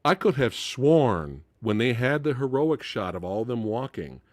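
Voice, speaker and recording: Male host, lively swooping delivery, exasperated profane movie rant, dry close sound. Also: mid-range voice, normal speed, dry recording. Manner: animated, exasperated and profane, with frequent laughs. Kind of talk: casual live-stream movie rant.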